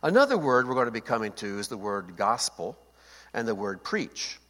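With a lowish, sing-song voice and a fairly bright tone, a man leads a seated Bible teaching at normal speed. He keeps it conversational and often asks his audience to confirm they understand, all in a space with long hall reverb.

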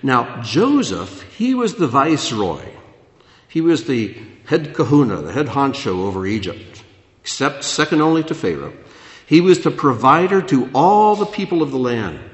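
A man preaching a sermon as pastor, dropping low and soft, then rising loud and animated. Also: moderate pace, muffled recording. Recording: echoey hall.

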